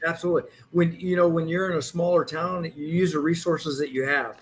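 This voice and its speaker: Older animated man telling police stories. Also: fairly high pitch, brisk, slight background noise, poor audio. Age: 60s. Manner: animated anecdotes, acts out quoted lines. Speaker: police hostage negotiator guest. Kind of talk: casual interview storytelling.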